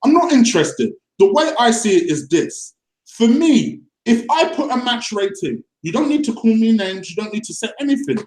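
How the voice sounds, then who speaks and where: A man's voice: extremely high pitch, normal speed, echoey room, rough recording. A young man, co-hosting a football fan show, ranting in heated casual chat and swearing as his voice climbs. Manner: animated, ranting, swearing, voice rising when riled. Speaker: co-host of a football fan channel.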